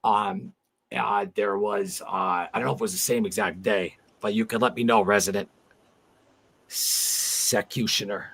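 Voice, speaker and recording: A man's voice: on the low side, fairly even intonation, a little slow, creaky, fairly bright tone, husky. A man in his forties hosting a casual livestream chat, rambling and heartfelt as he reads viewer comments aloud. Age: 40s. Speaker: livestream host.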